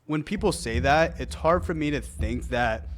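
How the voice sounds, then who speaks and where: A young man co-hosting a podcast, talking casually, animated and often laughing, mimicking rude tones. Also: fairly high pitch, moderate pace, a little hiss or hum. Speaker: podcast co-host.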